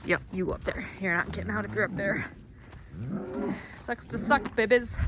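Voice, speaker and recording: A woman's voice: medium pitch, normal speed, gravelly, background noise. A young woman with an Upper Midwest American accent, narrating casually while she works with livestock outdoors, chatting playfully to the animals and a little out of breath. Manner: chatty, talks to the animals in a playful sing-song. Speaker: farmer vlogger. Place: outdoors on a farm among cattle.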